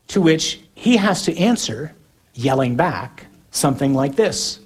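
A man delivers a sermon in a somewhat high, husky voice. He teaches earnestly and emphatically, breaking his thoughts into short, weighted phrases. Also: expressive, unhurried. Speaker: preacher.

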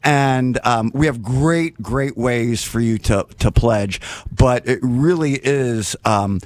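A man hosting a live radio fundraiser, chatty and excitable, filling his talk with ums and asides, speaking into a studio microphone. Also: mid-range voice, slow pace, dry recording. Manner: excitable, chatty, many fillers. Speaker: radio host.

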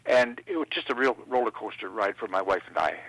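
Man, from Canada, interview guest, husky voice, dry sound, halting speech with restarts. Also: fairly low pitch, expressive, fairly bright tone, no echo, rough recording. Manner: halting, many fillers and restarts.

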